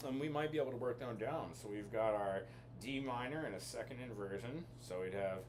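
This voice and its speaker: A man's voice: mid-range voice, brisk, darkish tone. A man giving a casual music lesson, explaining chords and melody as he thinks aloud. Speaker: music teacher. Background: piano music.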